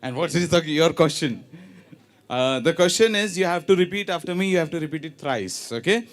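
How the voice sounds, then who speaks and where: A man's voice: on the high side, expressive, a little fast. A man hosting a ceremony, playful and teasing as he quizzes teachers with tongue twisters. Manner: playful, switches between English and Hindi. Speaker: event host. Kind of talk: lively emcee hosting a quiz game. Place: large hall at a ceremony.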